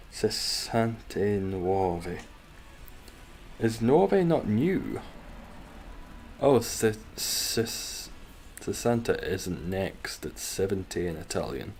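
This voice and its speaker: A Scottish man talks his way through a gaming stream in a low, laid-back voice. He rambles and cracks crude jokes at an unhurried pace, with a faint hum of background noise. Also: a little mellow. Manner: joking, rambling and sweary. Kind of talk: casual gaming stream chat.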